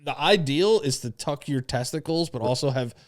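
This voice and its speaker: A man co-hosting a podcast in casual chat, making deadpan jokes and swearing. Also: fairly high pitch, moderate pace. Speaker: podcast co-host.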